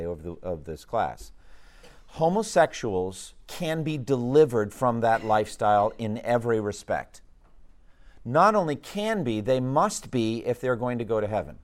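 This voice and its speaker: A man teaching a Bible class in a conversational, emphatic way, often asking the class questions. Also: medium pitch.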